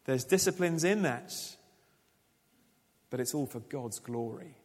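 A pastor preaches to his congregation in an easy, conversational way, often asking questions of them. His mid-pitched voice carries a long reverb from the church hall where he speaks. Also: measured pace, pauses often, darkish tone. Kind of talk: sermon.

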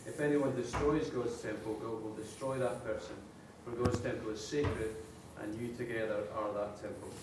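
A man's voice: lowish voice, fairly even intonation, normal speed, noisy background. Scottish guy in the crowd reading verses, far off, echoey room. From Scotland. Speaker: congregation member reading scripture.

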